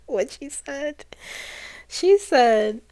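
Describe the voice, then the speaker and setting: A woman psychic reader speaking earnestly to her viewers as she relays channeled messages, often pausing to restart and repeat phrases. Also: sits high, lively intonation, dark tone.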